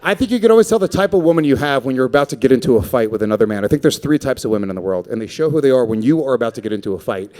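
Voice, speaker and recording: Live crowd laughter fills this stand-up set, where a man in his thirties, on a stage mic before an audience, does brash, profane material and crowd work. He's expressive and very fast, barely pausing, in a mellow, medium-pitched voice.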